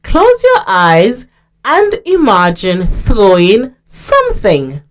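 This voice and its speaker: A woman with a Sierra Leonean accent teaching a radio reading lesson for young children, clearly sounding out syllables and letters. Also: medium pitch, huge pitch swings, takes it slowly.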